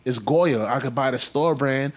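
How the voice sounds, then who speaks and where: A young man from Brooklyn, telling stories in a slangy, animated casual chat. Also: medium pitch, moderate pace. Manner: animated storyteller, slangy, acts out quotes.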